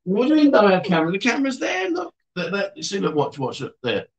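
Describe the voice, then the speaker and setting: A man's voice: high voice, wildly swooping pitch, fast, vocal fry, rough recording. A man hosting a casual livestream, reading viewer comments aloud and joking with his guests. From England. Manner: teasing, joking banter with guests. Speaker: livestream host.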